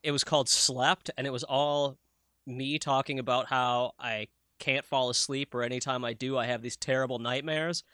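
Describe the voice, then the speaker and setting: Guy cohosting a podcast, brightish voice, tells stories all animated and swears a lot, dry close mic. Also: medium pitch, normal speed, clean tone, no room sound. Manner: animated storyteller, swears freely, lots of "like". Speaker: podcast co-host. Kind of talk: casual chat.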